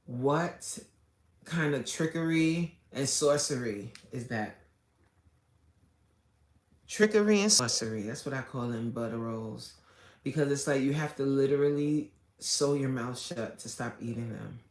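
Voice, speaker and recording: A woman, chatting casually and animatedly with viewers on a live stream from her car, laughing often and swinging between loud and soft. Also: extremely low pitch, echoey room. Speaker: livestream host chatting with viewers.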